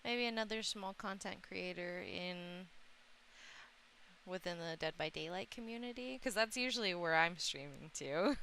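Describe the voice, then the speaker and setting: A woman's voice: lowish voice, unhurried, pushed and bright, slight background noise. A woman streamer chatting casually with viewers, giggling often and a little under the weather. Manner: giggly, often laughing, emotional. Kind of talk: casual live-stream chat.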